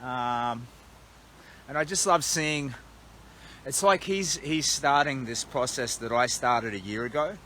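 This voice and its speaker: A man's voice: medium pitch, slow, sharp tone, a little hiss or hum. A man with an Australian accent chatting casually and rambling on a livestream, filmed outdoors at night on a phone held at arm's length. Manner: rambling, chatty, self-deprecating. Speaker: charity walker livestreaming. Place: outdoors at a roadside motel at night.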